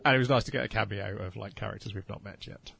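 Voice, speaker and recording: A man's voice: on the low side, fairly even intonation, quick pace, gravelly, fairly bright tone, husky, no echo, clean studio sound. A man co-hosting a podcast, chatting casually and laughing easily. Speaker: podcast co-host. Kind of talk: casual chat.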